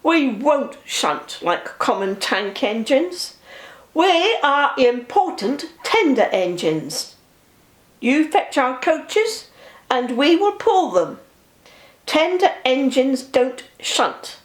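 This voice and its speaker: A woman's voice: high-pitched, sing-song, takes it slowly, reverberant, voice pushed up, exaggerated voice. A woman voicing a proud, rude big male tender engine with a haughty manner.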